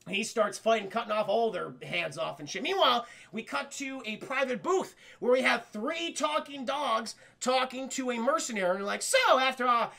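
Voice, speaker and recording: A man's voice: extremely high pitch, normal speed, vocal fry, few pauses, sharp tone. A man giving a casual live-stream cartoon review, rambling, swearing and acting out scenes for chat. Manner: profane, rambling, talks to chat; acts out scenes in voices.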